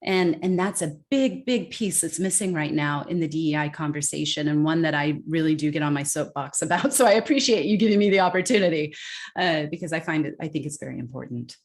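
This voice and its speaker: A woman with a general American accent talks as an interview guest. Her voice sits a little low. She speaks with conviction and now and then slips into the voices of the people she quotes. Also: expressive, quick pace. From California. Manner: emphatic, acts out quoted voices. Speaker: guest expert. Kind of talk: conversational interview.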